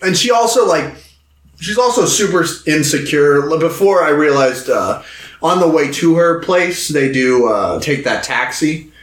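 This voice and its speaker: A man co-hosting a podcast, chatting casually about films and acting out quotes in sudden high voices. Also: expressive, measured pace, slight background noise. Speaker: podcast co-host. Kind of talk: casual film discussion. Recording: roomy echo.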